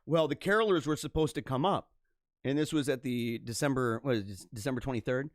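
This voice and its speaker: A man hosting a live stream, telling a story in a casual, rambling way, with many restarts and bursts of excitement. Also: medium pitch, brisk, no room sound, studio quality. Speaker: livestream host.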